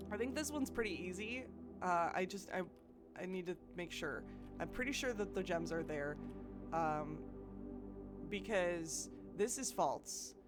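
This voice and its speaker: Chatty woman streamer thinking aloud. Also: fairly low pitch. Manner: thinks aloud, chatty with chat, hesitant restarts. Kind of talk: live gameplay commentary.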